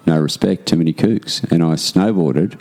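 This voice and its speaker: A man's voice: low-pitched, moderate pace, a little mellow. A man co-hosting a podcast at his home in Bali, talking in a blunt, matey casual way. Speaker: guest co-host. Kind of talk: casual chat.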